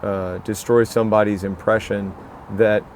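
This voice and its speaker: A man's voice: fairly low pitch, level tone, normal speed, a little hiss or hum. An American man talking in a casual podcast conversation, telling stories in a rambling, reflective way. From United States. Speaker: podcast co-host.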